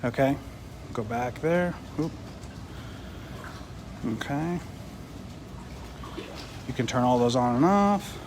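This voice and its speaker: A man's voice: medium pitch, lively intonation, slow, pauses often, background noise. A man, still out of breath, chatting casually and reading viewer questions aloud. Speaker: co-host. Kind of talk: casual live demo chat.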